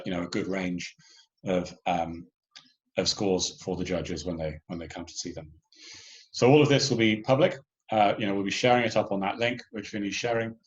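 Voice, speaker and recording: On a muffled recording, a man with a lowish voice briefs an online workshop as a hackathon organizer. His explanation of the submission and judging rules is loose, riddled with fillers and restarts.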